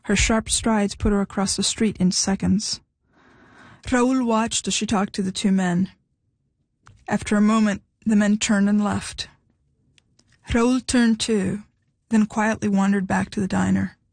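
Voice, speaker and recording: A woman reading a short story aloud in a measured, even storytelling manner. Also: medium pitch, creaky, dry recording. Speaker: story reader. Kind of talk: literary reading.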